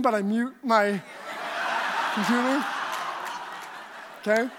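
A woman giving conversational Bible teaching, telling stories in an animated, chatty way. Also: sits high, normal speed, long pauses, noisy background. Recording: long hall reverb.

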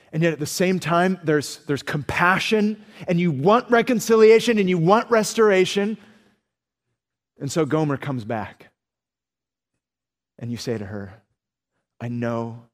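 Man, pastor, sermon, earnest, slightly high voice, long hall reverb. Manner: earnest, animated storytelling.

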